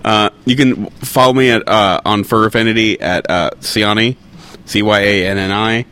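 A man's voice: fairly low pitch, steady tone, moderate pace, bright, forceful tone, clear, resonant tone. A male author appearing as a podcast guest, chatting casually and dropping wry quips. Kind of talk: casual panel chat.

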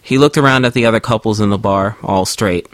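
A man reading a story aloud in an even, measured way as the narrator. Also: lowish voice, no room sound. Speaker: audiobook narrator. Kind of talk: scripted narration.

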